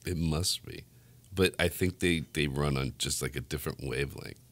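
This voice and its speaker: A man's voice: extremely low pitch, moderate pace, a bit bright. A man hosting a podcast in casual chat, telling stories bluntly with lots of swearing. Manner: profane, blunt storytelling with frequent laughs. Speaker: podcast host.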